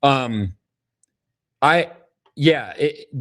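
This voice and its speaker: A man's voice: mid-range voice, lively intonation, extremely slow, a bit bright. A man hosting an interview show, speaking earnestly and emphatically with stumbling restarts. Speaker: podcast host. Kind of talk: casual interview.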